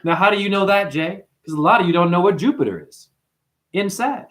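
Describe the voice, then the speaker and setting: Chanting mantras and calling his listeners honey, a man hosts a spiritual livestream in a high, brisk voice. He engages his chat with plenty of animation.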